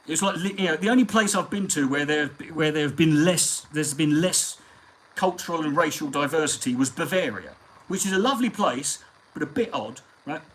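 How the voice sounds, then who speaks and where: A man's voice: fairly high pitch, lively intonation, normal speed, low-quality recording. A man hosting a live stream, telling long, profane, rambling stories in casual chat.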